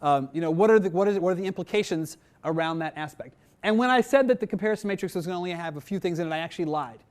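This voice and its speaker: A man's voice: sits high, racing. A man teaching a technical class, talking conversationally with frequent "right?" checks and filler words, addressing his students directly. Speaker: instructor. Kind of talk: technical training lecture.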